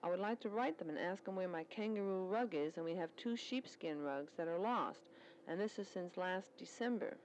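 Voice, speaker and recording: A woman's voice: fairly low pitch, normal speed, a little hiss or hum, low-quality recording. A woman recording a spoken letter, chatting in a rambling, storytelling way about her work at a military service club.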